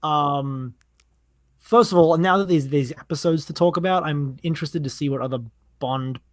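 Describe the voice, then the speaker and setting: A man's voice: a little high, moderate pace, no echo, clean studio sound. Rambling man chatting as a podcast guest. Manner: rambling, many fillers, enthusiastic. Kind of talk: casual podcast chat.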